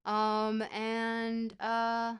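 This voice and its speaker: A woman's voice: a little high, drawn-out words, clear, resonant tone. A woman streamer chatting casually while playing a geography guessing game, rambling and poking fun at herself. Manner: rambling, self-mocking, bursts into excited shouts.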